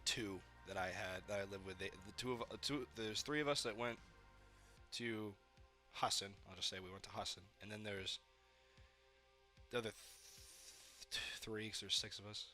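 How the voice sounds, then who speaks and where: A man's voice: on the low side, normal speed, pauses often, bright, forceful tone, faint music behind. A young man from Maine, a podcast co-host, telling rambling party stories in casual chat, swearing a lot and acting out what people said. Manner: rambling storytelling, heavy swearing, acts out quotes.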